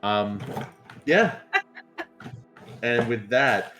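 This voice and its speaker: A man's voice: medium pitch, very animated, extremely slow, fairly bright tone, faint music behind. A man running a tabletop horror game as game master, narrating in a loose, chatty way.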